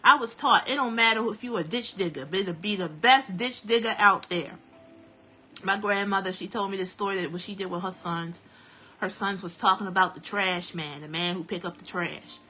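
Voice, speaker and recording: A woman hosting a live stream from home while doing hair, giving chatty, preachy life advice in a lively, down-to-earth way. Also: medium pitch, normal speed, breathy edge, faint music behind. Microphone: phone live stream.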